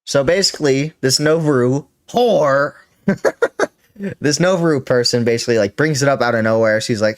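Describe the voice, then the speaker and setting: A man's voice: mid-range voice, normal speed. A man hosting a reaction stream, giving casual, profane commentary that rambles and corrects itself.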